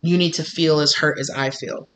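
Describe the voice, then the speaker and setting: Bright-voiced man giving an animated tarot reading. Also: on the high side, moderate pace, a little hiss or hum, poor audio. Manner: animated, acts out the people he describes. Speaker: tarot reader. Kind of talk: casual intuitive tarot reading to camera. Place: at home.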